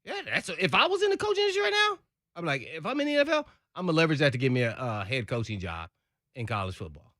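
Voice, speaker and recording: A man's voice: fairly high pitch, sing-song, very fast, sharp tone, no echo, studio quality. A man co-hosting a sports radio show, talking in a rambling, earnest way full of fillers. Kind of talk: casual sports talk.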